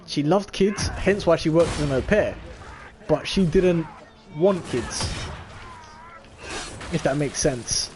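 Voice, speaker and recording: A man's voice: on the high side, lively intonation, slow, long pauses, background noise. Young man telling a rambling story. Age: 20s. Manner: rambling and profane, full of filler "like". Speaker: vlogger. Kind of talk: casual storytelling chat.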